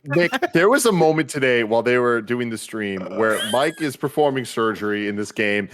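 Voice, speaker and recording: A man's voice: mid-range voice, expressive, normal speed, fairly bright tone, a little hiss or hum. A man co-hosting a podcast, retelling a funny moment in an amused, laughing way. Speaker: podcast co-host. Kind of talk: casual chat.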